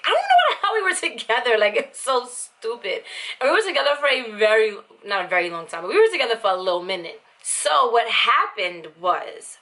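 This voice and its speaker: A young woman vlogger telling a story in a blunt, animated, casual way, with lots of "like". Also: on the low side.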